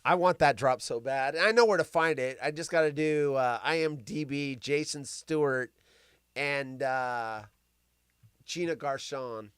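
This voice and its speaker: A man's voice: medium pitch, a little slow, smooth, no echo, clean studio sound. A man hosting a live stream, riffing on news stories with wisecracks and swearing. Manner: animated and wisecracking, swears freely. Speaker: livestream host. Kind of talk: casual live-stream commentary.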